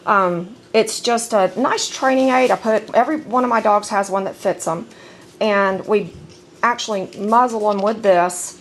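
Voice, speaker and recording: A woman's voice: medium pitch, a little slow, a little hiss or hum. A woman filming her dogs at home on a handheld camera, chatting in a rambling way between firm commands to them. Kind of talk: casual home video narration. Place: at home, indoors.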